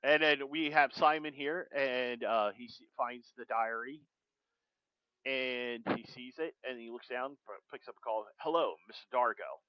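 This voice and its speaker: A man's voice: medium pitch, fairly even intonation, a little slow, clear, resonant tone, no echo. A man streaming a casual comic read-along who laughs often, stumbles over words and speaks the sound effects aloud, on a substitute mic. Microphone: substitute mic, not his usual one. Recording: dull lo-fi backup mic.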